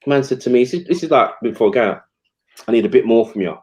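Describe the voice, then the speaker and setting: A man's voice: medium pitch, fast talker, lo-fi sound. A man, a former footballer, telling stories in casual chat and acting out what people said, with lots of fillers. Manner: animated, acts out quotes, many fillers.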